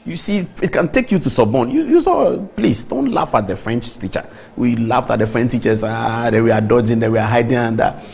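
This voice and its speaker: A man with a Ghanaian accent hosting a TV news show from the studio, talking in a joking, animated way and repeating himself. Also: mid-range voice, a little fast, gravelly, a little hiss or hum. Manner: animated, joking, repeats words, mimics French phrases. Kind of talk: casual studio commentary.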